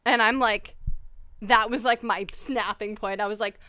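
A young woman co-hosting a podcast, telling a story in lively casual chat, swearing and acting out her own outbursts. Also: high-pitched, moderate pace, smooth, no echo, clean studio sound. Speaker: podcast co-host.

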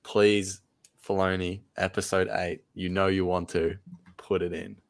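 A man's voice: sits low, flat delivery, a little slow, creaky. A man co-hosting a podcast in casual chat, rambling and laughing easily. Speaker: podcast co-host.

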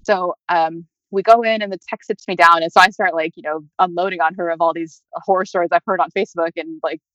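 A woman's voice: lowish voice, fairly even intonation, fast talker, hardly any pauses, fairly bright tone, dry recording. A young adult woman, an interview guest, telling a personal story in a chatty way full of fillers. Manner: chatty, many fillers like "like" and "you know". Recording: dull, dry lo-fi audio.

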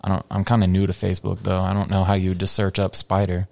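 A man talking as a guest on a casual podcast, halting with many restarts and easy laughs. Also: low voice, monotone, creaky, warm tone, no room sound. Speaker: podcast guest, independent wrestler.

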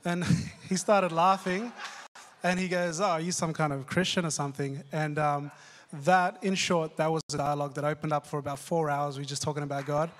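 A man sharing a testimony at church, hesitant and pausing often with fillers. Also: on the high side, steady tone. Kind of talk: telling a testimony. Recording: echoey hall.

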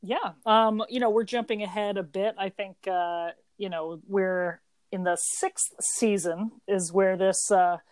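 A woman's voice: medium pitch, fairly even intonation, unhurried, darkish tone, no room sound. A woman in her thirties, co-hosting a podcast, chatting at length in a rambling, think-aloud way. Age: 30s. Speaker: podcast co-host. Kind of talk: casual chat.

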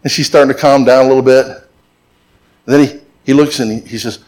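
A man's voice: medium pitch, fairly even intonation, a little fast, a little mellow. A middle-aged man preaching a sermon as pastor, mixing emphatic repetition with joking stories.

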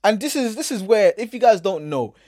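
A young man with a London accent telling a story on a casual podcast, acting out what people said with slangy, lively delivery. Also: high voice, brisk, no room sound, studio quality. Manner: animated, acts out quotes, slangy. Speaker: podcast host.

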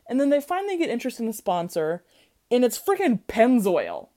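A young adult woman hosting a podcast, chatting casually in an animated, sarcastic way with casual swearing. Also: fairly high pitch, brisk. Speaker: podcast host. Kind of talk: casual chat.

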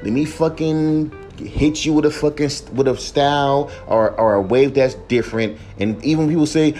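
A man's voice: mid-range voice, moderate pace, hardly any pauses, dark tone, faint music behind. A young man hosting a solo podcast as a rapper, ranting heatedly with lots of profanity and repeated emphasis.

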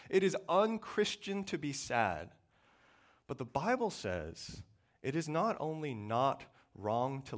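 A man preaching a sermon in a church, earnest and measured, slowing down and pausing to press his points. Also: medium pitch, fairly bright tone. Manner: earnest, measured preaching with slow emphatic pauses.

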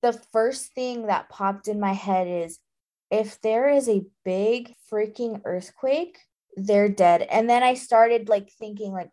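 A woman co-hosting a casual book podcast, animated and indignant, thinking out loud with lots of "like". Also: medium pitch, slow pace. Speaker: podcast co-host.

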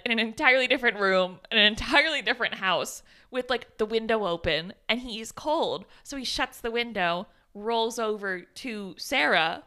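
A woman co-hosting a podcast, recapping a movie in casual chat, animated and full of "like". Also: a little high. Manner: animated retelling with lots of "like". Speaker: podcast co-host.

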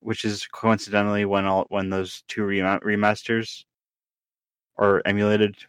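A man reads out news on a podcast, steady and flat with small stumbles. His low, smooth voice stays even in pitch. The sound is dry and close. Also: normal speed, dry recording. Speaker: podcast co-host. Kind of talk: reading news items on a podcast.

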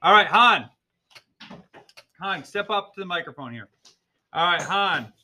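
A male ESL teacher with a high, very lively voice, upbeat and coaxing as he runs a casual classroom podcast. The recording is noisy, with clicks from the mic. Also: unhurried. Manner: upbeat, coaxing, laughs often.

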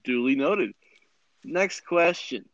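A young man runs a podcast interview, reading out questions in a playful, amused way. His voice sits at an ordinary pitch. The sound is dry and dull, like a basic home recording. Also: animated, slow pace, dry recording. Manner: amused, playful, laughs often.

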